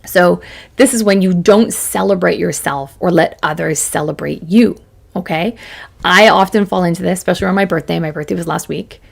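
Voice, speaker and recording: A woman's voice: on the low side, moderate pace, creaky, husky. A woman in her forties giving a chatty, self-deprecating motivational talk to camera as a business coach, laughing often.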